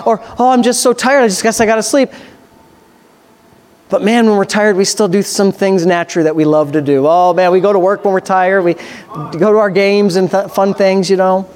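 A man delivers a sermon. He reads scripture slowly and carefully. He then builds into loud, excited exhortation, with his voice climbing. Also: high-pitched. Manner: swings from slow scripture reading to loud excited preaching. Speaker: preacher.

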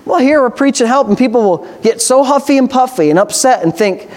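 A man's voice: very high-pitched, lively intonation, fairly quick, few pauses, darkish tone. A man, a pastor, preaching a sermon with passionate, repetitive emphasis.

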